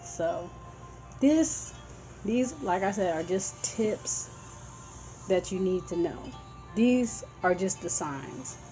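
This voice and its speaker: A woman's voice: mid-range voice, expressive, slow, long pauses, warm tone, rough recording. A woman vlogging in a casual, earnest and heartfelt way, rambling a little as she explains warning signs. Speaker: vlogger raising epilepsy awareness. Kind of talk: casual informative vlog. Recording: faint background music.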